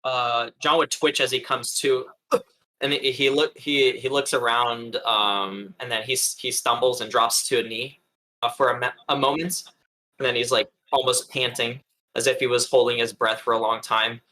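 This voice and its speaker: A player describing a character's actions in a tabletop game, halting with many restarts. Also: medium pitch, steady tone, bright, forceful tone.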